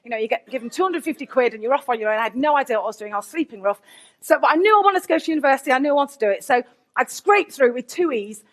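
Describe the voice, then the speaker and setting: A woman, a teacher giving a candid, lively conference keynote with asides to the audience. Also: sits high, very fast. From England, Nottingham.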